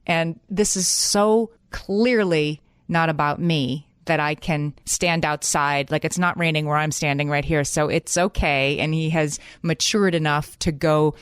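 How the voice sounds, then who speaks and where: A woman's voice: sits low, fairly even intonation, a little slow, few pauses, clean tone, no echo, studio quality. A woman in her forties co-hosting a casual parenting podcast, telling candid, self-deprecating stories about her kids. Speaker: podcast co-host.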